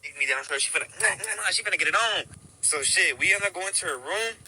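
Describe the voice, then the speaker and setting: A man's voice: sits high, lively intonation, fast talker, bright, forceful tone, slight background noise, rough recording. A young man on a podcast, telling a story in a profane, slang-heavy casual style.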